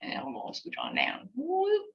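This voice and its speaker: A woman teaching an online language class, patiently breaking words into syllables and repeating them slowly, with a light laugh now and then. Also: mid-range voice. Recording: dull lo-fi class recording.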